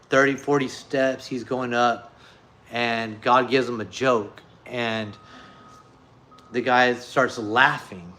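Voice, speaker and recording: A man's voice: medium pitch, pushed and bright. A man chatting casually with his viewers and telling a joke, rambling and swearing, with lots of fillers. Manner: profane, rambling, full of fillers. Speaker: streamer talking to viewers.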